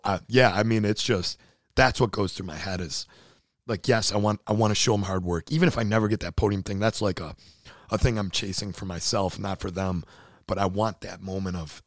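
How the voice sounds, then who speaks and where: A man in his thirties with a hoarse, worn-out voice, talking in a casual, earnest and emotional way and swearing freely. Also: low-pitched, fairly even intonation, normal speed, no room sound, studio quality. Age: 30s. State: hoarse, voice nearly gone. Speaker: podcast co-host, CrossFit athlete. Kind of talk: casual chat.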